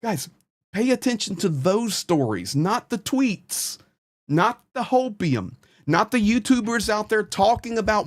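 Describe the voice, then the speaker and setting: Male host, fairly high voice, blunt frustrated rant to camera. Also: sing-song, a little slow. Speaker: host, volunteer supporter. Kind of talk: impassioned direct-to-camera commentary.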